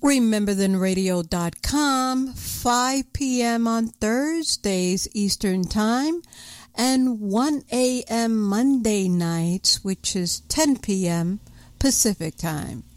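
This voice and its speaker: A woman with a New York accent co-hosting an oldies radio show in relaxed casual chat. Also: a little high, takes it slowly, no room sound. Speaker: radio co-host.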